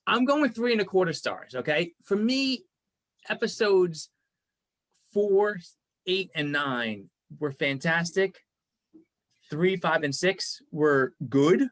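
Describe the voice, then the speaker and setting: A man's voice: high-pitched, expressive, slow, long pauses. A man co-hosting a podcast, chatting casually about a series, rambling and repeating words as he thinks. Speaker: podcast co-host reviewing a series. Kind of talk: casual chat.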